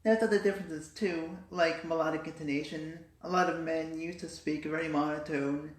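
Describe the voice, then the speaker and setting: A woman's voice: sits low, fairly even intonation, moderate pace, hardly any pauses. A woman in a casual vlog, explaining and demonstrating voice techniques. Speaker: vlogger. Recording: roomy echo.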